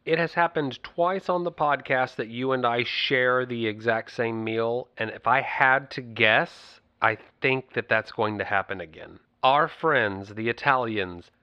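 A man's voice: medium pitch, clean tone, no room sound. Chatty man with a dry, muffled sound. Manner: chatty, storytelling, drawn-out phrases. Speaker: podcast co-host. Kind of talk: casual chat.

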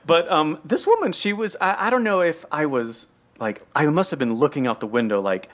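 A man's voice: a little high, big pitch swings, normal speed, fairly bright tone. A middle-aged American man casually chatting as a podcast host, rambling through a story with many fillers. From United States. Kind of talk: casual chat.

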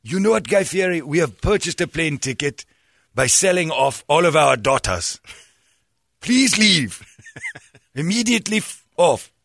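A man putting on the voice of a proud, starving male villager in a mocking, exaggerated, shouty way. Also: a little high, very animated, unhurried, vocal fry, no echo, voice pushed up, exaggerated voice. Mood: scornful.

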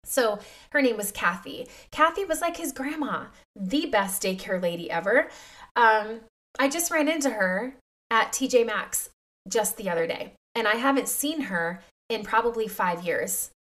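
A woman's voice: fairly high pitch, animated, unhurried, fairly bright tone. A woman in her thirties hosting a faith-based podcast, talking to her listeners in a confiding, emotional way. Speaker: podcast host. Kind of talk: heartfelt faith-based talk.

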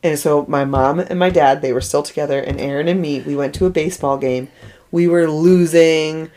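A woman co-hosting a podcast, chatting casually and answering with short, relaxed replies. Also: low-pitched, normal speed. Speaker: podcast co-host. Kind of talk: casual chat.

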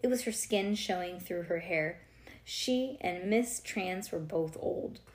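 A woman's voice: lowish voice, slow pace, roomy sound. A woman reading a children's chapter book aloud to a child, breaking off for casual chatty asides. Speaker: reader to a child.

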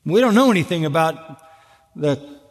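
Emphatic preacher in an echoing hall. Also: male voice, fairly high pitch, animated, moderate pace. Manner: emphatic, addresses the congregation directly with rhetorical questions. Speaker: pastor. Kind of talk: expository sermon. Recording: echoey hall with long reverb.

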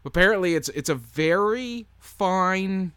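A jokey man with a smooth, resonant voice that swings up and down a lot, co-hosting a podcast. The sound is dry and close. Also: high-pitched, a little slow, no echo. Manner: jokey, animated storyteller. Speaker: podcast co-host. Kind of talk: casual chat.

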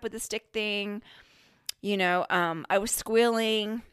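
A middle-aged woman hosting a podcast, telling a story in a casual, animated way, often laughing and quoting her own self-talk. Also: medium pitch, takes it slowly, clear, resonant tone, dry recording, clean studio sound. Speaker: podcast host.

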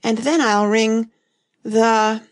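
A woman's voice: fairly high pitch, steady tone, takes it slowly, voice pushed up. Woman voicing an impatient little girl. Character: young girl queen, impatient and puzzled.

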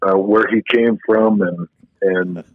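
A man with a lowish voice hosts a sports radio show and tells stories about his co-host in a teasing tone. He sounds thin and tinny, as if heard over a phone line, with no room sound. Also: steady tone, takes it slowly, no echo. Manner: teasing storyteller. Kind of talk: casual sports radio banter.

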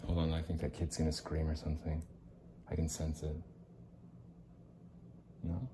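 A man's voice: rumbling low, monotone, moderate pace, pauses often, noisy background. A man ranting in a casual, rambling monologue, agitated and swearing, with lots of fillers. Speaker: podcaster venting in a voice message.

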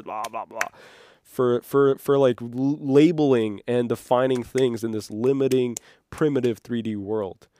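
A man hosting an unscripted solo podcast, rambling and excitable, sometimes losing his train of thought. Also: medium pitch. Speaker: podcast host.

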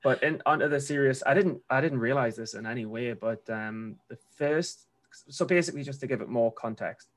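A man's voice: mid-range voice, fairly quick. A man with a Geordie accent, a trader talking casually and rambling with restarts. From North East England. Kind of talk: casual conversation.

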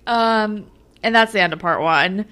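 A young woman co-hosting a casual podcast, recapping a TV episode with laughter and playful quoted lines. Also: measured pace. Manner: animated, laughing, acts out quoted lines in a higher voice. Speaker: podcast co-host.

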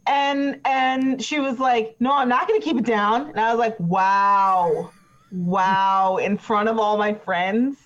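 Voicing a rambling, petty witness at trial during an improvised tabletop game, a woman speaks slowly with a slightly high, steady, somewhat bright tone. The witness is chatty, full of fillers and defensive, and the lo-fi recording sounds dull.

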